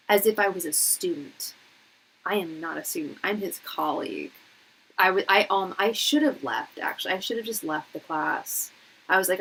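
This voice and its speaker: A woman in her late thirties giving advice on a live tarot stream, telling stories in an animated, emphatic way with lots of "like" and restarts. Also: medium pitch, fairly quick, breathy edge, poor audio. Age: late 30s. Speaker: tarot reader and psychic hosting a live reading.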